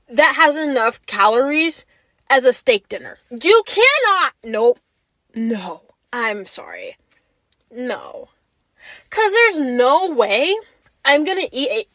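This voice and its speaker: Lively, sassy young woman ranting. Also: high-pitched, no room sound. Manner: animated, sassy, calls listeners babes. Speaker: podcast host. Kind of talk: casual solo podcast rant.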